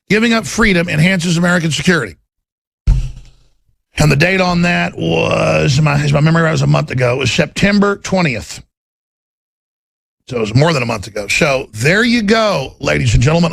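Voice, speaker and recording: Talk radio host, man, middle-aged; husky rasp, fairly high-pitched, fierce rant. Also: a bit bright, no room sound. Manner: intense, ranting, swings to menacing low growls in acted quotes. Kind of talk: political talk radio monologue.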